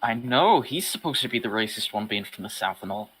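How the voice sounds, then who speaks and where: Husky man, deadpan. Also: fairly low pitch, a little fast, low-quality recording. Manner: deadpan, provocative jokes. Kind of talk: casual podcast banter.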